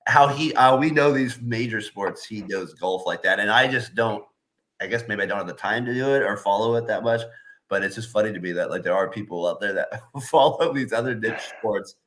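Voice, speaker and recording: A man's voice: fairly low pitch, a little fast, a bit bright. A man co-hosting a sports podcast in casual chat, rambling with lots of fillers and laughing often. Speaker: podcast co-host.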